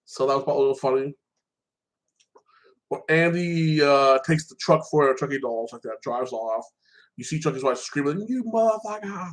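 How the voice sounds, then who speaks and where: A man's voice: medium pitch, steady tone, moderate pace, pauses often, low-quality recording. Rambling man recapping a TV show. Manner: rambling, repeats "like that", swears freely. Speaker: show reviewer. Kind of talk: casual TV episode recap.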